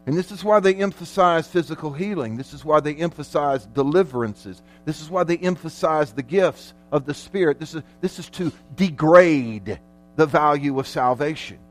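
A man delivers a sermon from the pulpit in a fairly high voice. He preaches emphatically, stretching out important words and rising in volume. A faint mains hum sits under the recording. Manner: emphatic preaching with dramatic slowdowns and loud peaks. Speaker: pastor.

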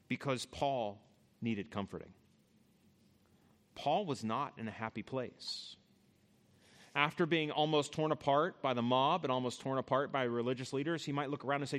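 A man's voice: medium pitch, moderate pace, pauses often, fairly bright tone. A man preaching a sermon as pastor, talking conversationally and speaking straight to his listeners. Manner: conversational, addresses listeners directly.

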